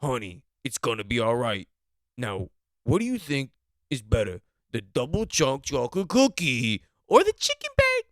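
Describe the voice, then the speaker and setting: A man voicing a stubborn husband who keeps insisting everything will be fine, in a loud, confident tone. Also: medium pitch, lively intonation, moderate pace, dry recording, studio quality, natural voice. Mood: insistent. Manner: insistent, overconfident. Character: deluded stubborn husband, falsely reassuring.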